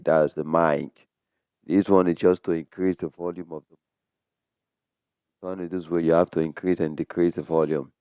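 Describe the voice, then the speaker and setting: Low mellow guy walking through a sound card setup, dry close mic. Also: smooth, no echo. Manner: relaxed, explains step by step with many "so"s. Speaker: tech tutorial host. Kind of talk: casual how-to demonstration. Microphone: condenser microphone through a sound card.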